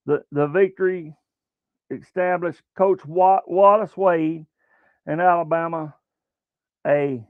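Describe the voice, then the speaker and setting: A rambling, folksy man with a Southern American accent chats through a sports livestream, his voice sitting a little high. The sound is thin and phone-like, and the room is very dry. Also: gravelly, no room sound. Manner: rambling, folksy, many fillers. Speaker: sports show host. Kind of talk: casual livestream chat. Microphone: webcam livestream setup.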